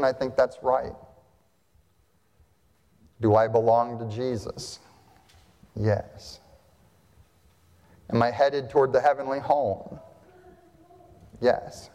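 A male pastor preaches emphatically to his congregation in a church sanctuary, using rhetorical questions and repeated phrases. His mid-range voice is a little mellow, and the recording carries a long hall reverb.

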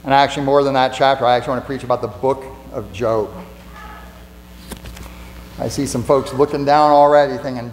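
A pastor giving a conversational sermon in a church, asking rhetorical questions and repeating lines for emphasis. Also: male voice, mid-range voice, steady tone, fairly quick. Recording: echoey hall with mains hum.

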